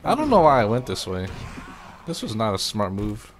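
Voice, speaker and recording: A man's voice: lowish voice, huge pitch swings, normal speed. A man commentating playfully while playing a horror game with a friend. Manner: playful, reactive, puts on voices. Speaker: co-host gamer. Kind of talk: let's play commentary.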